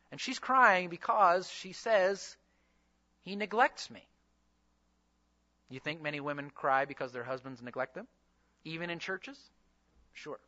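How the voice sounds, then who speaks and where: A man's voice: fairly high pitch, pushed and bright, highs cut off. A man preaching a sermon, teaching with rhetorical questions and quoted scripture. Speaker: pastor and seminary teacher.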